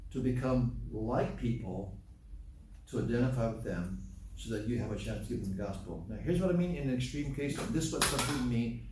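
A man's voice: medium pitch, a little mellow, slight background noise. A man preaching a conversational sermon, full of rhetorical questions and chatty asides, recorded from a distance in a church hall. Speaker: pastor. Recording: distant mic, echoey room.

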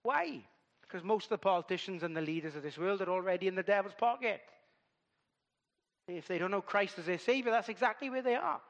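A man's voice: sits high, fairly quick, gravelly, a bit bright, long reverb tail, dull audio. A man preaching a sermon, telling the story with animation and acting out voices.

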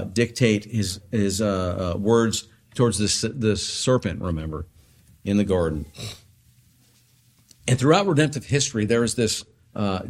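A man with a fairly low voice preaching a verse-by-verse sermon. He teaches in a conversational way, tucking tag questions and filler words between his points. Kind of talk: expository sermon.

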